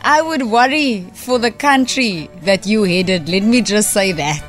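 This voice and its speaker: A woman's voice: mid-range voice, unhurried. A woman co-hosting a radio show, making wry, mock-serious remarks. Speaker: radio co-host. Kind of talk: playful studio banter. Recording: radio studio with music bed.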